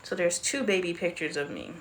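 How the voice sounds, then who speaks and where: A woman's voice: fairly low pitch, very animated, a little fast, slight background noise. A woman in her forties hosting a casual livestream, talking candidly and chattily about old photos. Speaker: livestream host. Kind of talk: casual live-stream chat.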